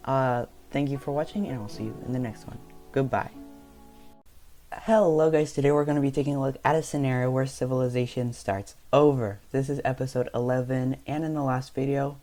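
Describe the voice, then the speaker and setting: A young man talks through a map video in a relaxed, unscripted way. He pauses on fillers and corrects himself as he goes, at an ordinary pitch, with faint music underneath. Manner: loose and unscripted, many ums and self-corrections. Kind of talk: casual narration over a map.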